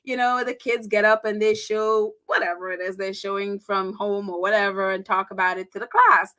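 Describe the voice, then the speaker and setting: A woman's voice: mid-range voice, steady tone, normal speed, pushed and bright. A woman hosting a casual livestream, chatty, with frequent laughter and filler words. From United States. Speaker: livestream host.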